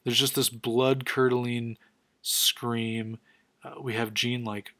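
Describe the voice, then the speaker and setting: Fast-talking, enthusiastic man recapping comics. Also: medium pitch, flat delivery, a bit bright, dry recording. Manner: rapid, filler-heavy, enthusiastic. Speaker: comic book commentator. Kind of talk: casual recap commentary.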